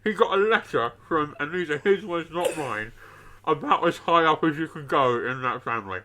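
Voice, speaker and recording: A man on a podcast who tells anecdotes in casual chat and makes dry, deadpan jokes. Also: on the high side, moderate pace, rough recording. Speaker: podcast co-host.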